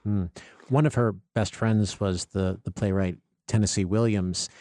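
Male interview host, low and warm-toned, relaxed and inquisitive. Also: unhurried, no echo, studio quality. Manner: curious, casual, fillers. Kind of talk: conversational interview.

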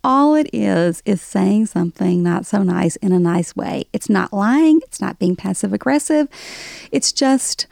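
A woman, an author giving a radio interview, animated and often laughing. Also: medium pitch, unhurried, vocal fry, no echo, clean studio sound. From American South. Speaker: author guest.

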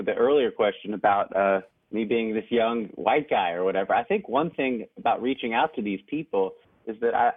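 A man's voice: medium pitch, husky. Young man on a tinny phone line. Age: young adult. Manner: eager, laughs often between anecdotes. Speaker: jazz pianist guest. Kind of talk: storytelling in a radio interview. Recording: narrow phone-line sound.

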